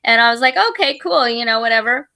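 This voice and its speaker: Bright-voiced woman telling a rambling story. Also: a little high, fast talker, no echo. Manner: rambling, full of restarts and fillers, animated retelling. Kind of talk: casual storytelling chat.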